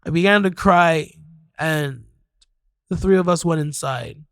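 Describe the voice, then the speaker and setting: A man narrating a first-person horror story with hesitant pauses and sighs. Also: a little high, clear, resonant tone, no echo.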